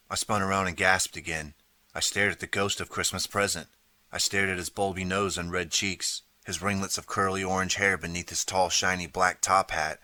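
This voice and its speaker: A man narrating a children's audiobook in the first person, steady storytelling. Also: deep voice, dry recording.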